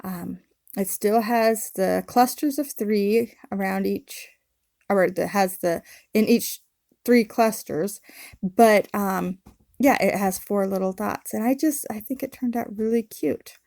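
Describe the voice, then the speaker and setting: Slow gravelly-voiced woman crafting. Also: medium pitch, no echo, studio quality. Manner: slow, relaxed, with many ums and uhs. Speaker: scrapbooking channel host. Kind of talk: casual craft voice-over narration.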